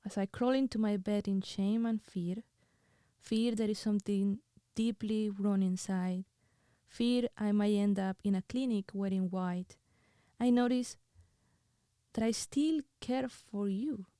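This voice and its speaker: A woman hosting her own show, crying as she reads her own writing in an emotional, halting, intimate way. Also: medium pitch, mellow, clear, resonant tone, no room sound, studio quality. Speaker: host.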